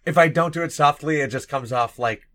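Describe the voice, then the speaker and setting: A man's voice: a little high, brisk, pushed and bright. Young man with dry, wry asides. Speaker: podcast co-host. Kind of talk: casual chat.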